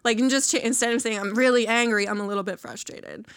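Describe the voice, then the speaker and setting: A woman's voice: fairly high pitch, quick pace, gravelly, a bit bright, clean tone, dry recording, studio quality. A woman talking casually as an interview guest, chatty and full of fillers, laughing often.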